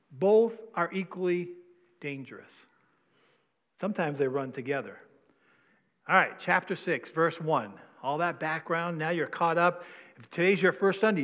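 Man, pastor, conversational sermon, slightly high pitch, long hall reverb. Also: a bit bright, dull audio. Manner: conversational preaching, asks congregation questions. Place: church sanctuary.

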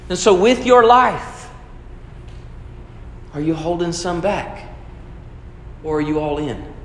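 A man's voice: a little high, expressive, slow, a bit bright, a little hiss or hum. A pastor preaching a sermon in an earnest, conversational way, asking his listeners questions. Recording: echoey hall with long reverb.

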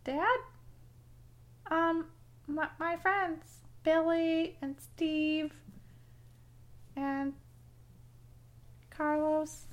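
A woman's voice: high-pitched, steady tone, very slow, pauses often, pitched above the performer's own voice. A woman playing a timid seven-year-old boy who stammers and hesitates, in an improv comedy scene. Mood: nervous.

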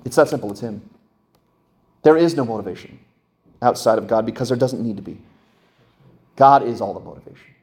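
A middle-aged male pastor preaching a sermon, telling stories with sudden jumps up in pitch for emphasis. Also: fast, pauses often. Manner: animated storytelling, voice jumping up for emphasis.

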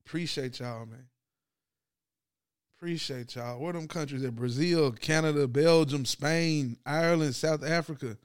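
A man hosts his podcast in a loose, slangy sports monologue, his voice sitting a little high. The tone is smooth and clean. He is close to the mic in a dry, dead-sounding space. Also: unhurried, no echo. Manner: loose slangy delivery, swings from loud to low and subdued. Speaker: podcast host. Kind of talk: casual sports talk monologue.

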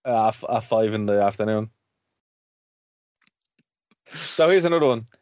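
A man's voice: fairly low pitch, animated, unhurried, a little mellow, dry recording. Rambling male radio co-host. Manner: rambling, laughs often. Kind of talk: casual chat.

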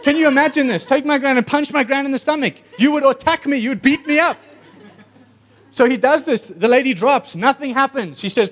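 Animated high-voiced male preacher. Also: brisk. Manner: animated storytelling, acting out voices. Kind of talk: sermon.

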